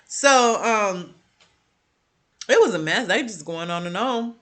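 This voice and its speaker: A young adult woman casually recapping TV episodes, animated and talking straight to her viewers, with her voice jumping high whenever she reacts. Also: takes it slowly. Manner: jumps high in pitch when reacting. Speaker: TV show reviewer.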